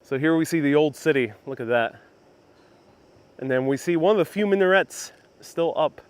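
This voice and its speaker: A man's voice: a little high, lively intonation, moderate pace, clear, resonant tone. A man whose first language is Spanish hosts a live walking tour outdoors and reads viewer comments aloud in a casual, self-correcting way. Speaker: travel vlog host. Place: outdoors in old town streets. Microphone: phone on gimbal with clip-on mic.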